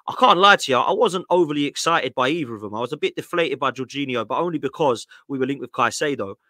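Bright-voiced man hosting a podcast. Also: medium pitch, lively intonation, fast talker, hardly any pauses, dry recording. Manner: agreeable, conversational, asks open questions. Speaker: podcast host. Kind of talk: casual podcast chat.

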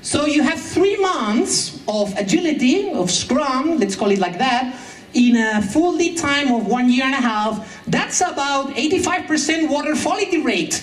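A woman's voice: high-pitched, lively intonation, unhurried. Sarcastic woman speaking at a conference. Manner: sarcastic, laughs often. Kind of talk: humorous conference talk. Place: conference hall with translation booth. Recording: echoey hall, mic at a distance.

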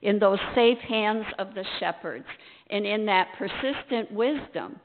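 A woman pastor giving a storytelling sermon in a church sanctuary, unhurried, acting out her own hesitant, self-deprecating lines. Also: medium pitch, background noise. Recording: echoey church over a tinny line.

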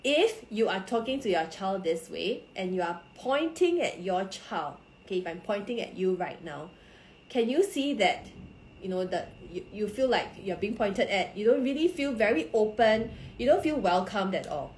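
A woman giving parenting advice on a live stream, speaking calmly and explaining step by step while addressing her viewers directly. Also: medium pitch, moderate pace, a little hiss or hum. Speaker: parenting coach. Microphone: phone or computer for a social media live stream. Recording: echoey room.

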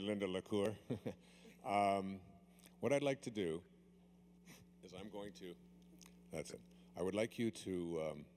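Leading a demonstration in a seminar room full of people, a man with a fairly low, darkish voice ribs a volunteer and drags out key words in a playful way. The audio, captured on a handheld mic the volunteer holds, has slight background noise.

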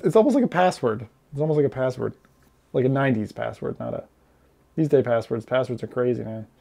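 With a gravelly, mellow, medium-pitched voice, a man streams a VR game, rambling casually and reading viewer chat messages aloud.

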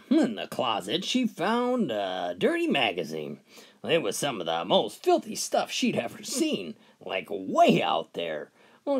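Male joke teller, folksy and drawn out, very lively pitch. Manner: folksy, drawn-out delivery, pitch swinging widely between characters. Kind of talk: storytelling jokes with character voices.

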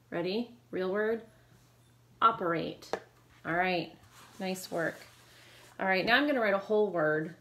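A woman teacher leading a phonics lesson, calling out brisk drill prompts and giving quick praise. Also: medium pitch, a bit bright.

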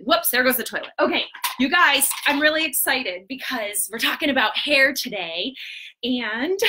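A woman entertaining preschoolers on a home live stream, swooping all over a high, bright voice. She talks in a sing-song way, with gasps and quick asides. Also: slight background noise. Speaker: children's entertainer host.

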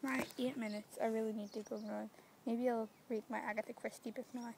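A young woman from the UK vlogging into her phone in a public street, talking quietly and self-consciously, rambling and often slipping into a whisper. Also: fairly high pitch, level tone, brisk, creaky, background noise. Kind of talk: casual vlog to phone. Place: outdoors in public, residential street. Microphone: phone camera.

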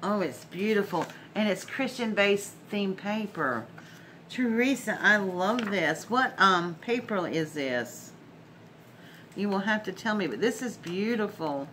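A woman chats through a casual crafting vlog at home. She gushes and laughs often. Her voice is bright and a little tense, with faint background hum. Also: medium pitch, lively intonation, a little slow. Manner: effusive, gushing, laughs often. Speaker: crafting channel host.

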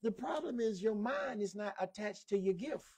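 A man's voice: high-pitched, moderate pace, a little mellow, breathy edge. A male preacher delivering a sermon emphatically. He repeats key lines and calls for responses from listeners, recorded on a modest microphone. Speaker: preacher and lead instructor.

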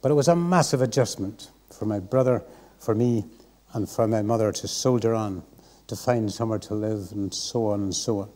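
A man's voice: fairly low pitch, normal speed, warm tone. A man preaching a sermon in church, earnest and reflective. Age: 60s.

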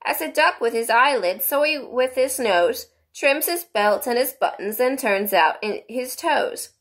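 A woman's voice: on the high side, expressive, measured pace, voice pushed up. A woman voicing the young girl Alice in a bedtime storybook reading, with a lilting, sing-song lift. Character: young girl Alice, polite but exasperated.

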